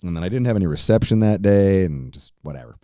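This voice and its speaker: A man's voice: low-pitched, animated, fast, dark tone, no room sound, clean studio sound. A man in his forties hosting his own podcast, chatting casually in a rambling, profane way and laughing often. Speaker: podcast host. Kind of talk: casual solo podcast chat.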